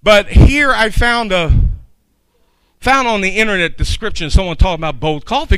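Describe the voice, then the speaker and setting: Bright-voiced, chatty male preacher. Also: sits high, expressive, a little fast, clear, resonant tone, no echo. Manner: folksy, chatty asides to the congregation. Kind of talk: sermon.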